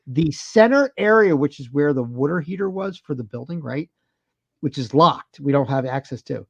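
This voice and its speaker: A man in his thirties, a podcast co-host, telling a story in a profane, animated, casual way. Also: on the high side, gravelly, no echo, highs cut off.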